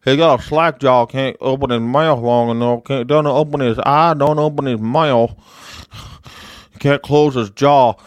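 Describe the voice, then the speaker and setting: A man's voice: mid-range voice, steady tone, measured pace, dry recording, lightly acted. A man putting on an older male Southern politician with a Kentucky accent, drawling and slack-jawed, repeating himself. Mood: folksy, mocking.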